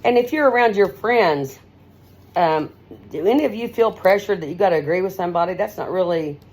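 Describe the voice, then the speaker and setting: Middle-aged lady radio host just rambling folksy straight talk, pitch jumping all over. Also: lively intonation, a little fast, darkish tone.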